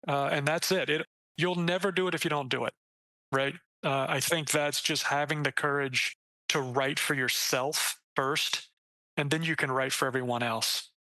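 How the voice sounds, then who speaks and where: Man, author guest, casual interview, bright forceful voice, dry close sound. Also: moderate pace, no room sound, low-quality recording. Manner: animated, acts out quoted lines with jumps in pitch; swears casually, restarts sentences.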